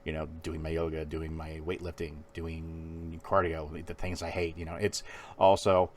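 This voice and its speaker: A man's voice: very deep voice, completely flat delivery, normal speed, a little mellow, slight background noise. A man talking in a casual, rambling monologue, swearing freely. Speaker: vlogger.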